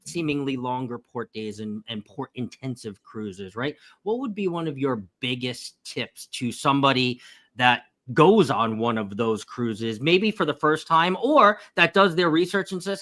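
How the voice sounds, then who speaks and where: A man hosting a live cruise chat, animated and prompting his co-host with questions. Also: mid-range voice, measured pace. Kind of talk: casual live-stream chat.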